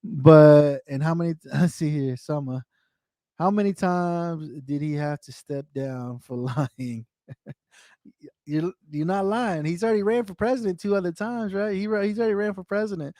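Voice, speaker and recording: A man's voice: on the high side, moderate pace, warm tone, no room sound, clean studio sound. An American man hosting a casual livestream, ranting with profanity and answering viewer comments in a frustrated tone. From United States. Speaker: livestream host.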